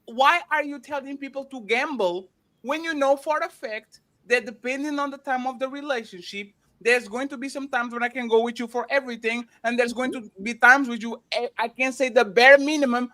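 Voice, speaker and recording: A man's voice: extremely high pitch, bright, forceful tone. A man hosting a panel show, arguing heatedly, repeating names and words and talking over others.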